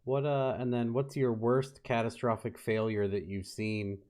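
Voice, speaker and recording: A man hosting a casual talk show, asking questions and tossing in quick jokes. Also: mid-range voice, little pitch movement, a little mellow. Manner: joking, quick quips. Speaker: host. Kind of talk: casual chat.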